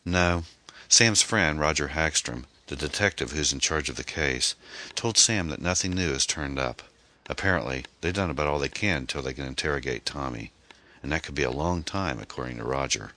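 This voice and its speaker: A man's voice: extremely low pitch, normal speed, pushed and bright. A man voicing a weary, grieving single mother as he reads a mystery novel aloud. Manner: weary, strained.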